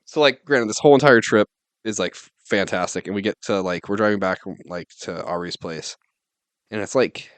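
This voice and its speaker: Here a podcast co-host in his twenties rambles through a casual story for his friends, with "like" dropped into nearly every phrase. The lowish voice comes at normal speed, free of echo.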